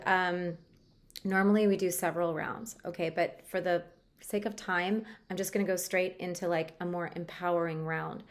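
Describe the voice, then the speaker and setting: A woman guiding a tapping session for stress relief, talking in a gentle, chatty coaching way with a few fillers. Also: lowish voice. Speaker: tapping practitioner.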